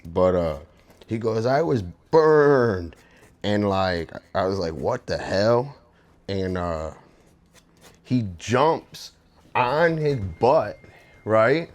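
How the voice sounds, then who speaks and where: Young man, low voice, slow unhurried talk, casual chat while drawing, rambling and swearing. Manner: rambling storytelling with frequent fillers and swearing. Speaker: streamer and artist. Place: home room.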